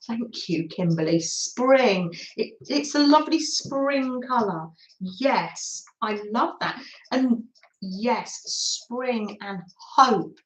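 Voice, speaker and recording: An older woman, hosting a craft livestream and chatting warmly to viewers by name as she reads their comments. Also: on the high side, echoey room, rough recording.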